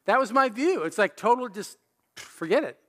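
A pastor with a very high-pitched voice preaches at a normal speed, keeping his sermon animated and conversational and full of rhetorical questions.

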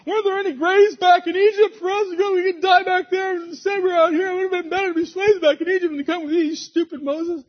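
A man voicing a panicky complainer from the crowd, whining fast and accusing, on a dull lo-fi recording. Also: fairly even intonation. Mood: panicked whining. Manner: shrill, fast, accusing whine.

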